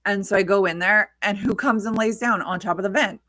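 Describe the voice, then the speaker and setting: A woman co-hosting a podcast from her home office, chatting casually and telling animated stories. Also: mid-range voice, fairly quick, no echo. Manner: chatty, animated storytelling about her dog. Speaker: podcast co-host. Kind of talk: casual chat. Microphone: desk microphone on a video call.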